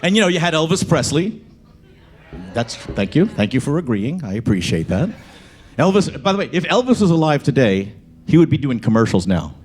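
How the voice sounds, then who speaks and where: A man's voice: on the high side, big pitch swings, fairly quick, darkish tone, slight background noise. A male comedian, chatting with a club crowd and breaking into sung song parodies. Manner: chatty crowd work, breaks into singing over guitar. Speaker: stand-up comedian. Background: guitar.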